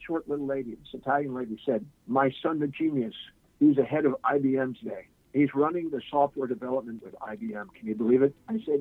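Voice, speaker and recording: Man, radio guest, animated storyteller, slightly dull sound, faint music underneath. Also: mid-range voice, slightly rough, dry recording. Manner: animated anecdote teller, acts out quoted voices. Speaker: guest speaker.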